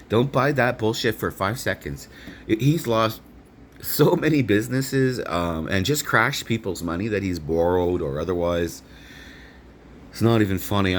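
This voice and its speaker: A man with a very low voice rambles through an outdoor vlog monologue. He rants angrily, swearing often. Faint background noise sits under his voice. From Canada. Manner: angry, profane ranting. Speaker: vlogger.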